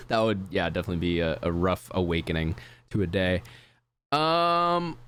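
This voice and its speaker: A man's voice: low voice, expressive, normal speed, a bit bright, clear, resonant tone. A man hosting a podcast in casual chat, laughing often and steering the conversation. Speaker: podcast host.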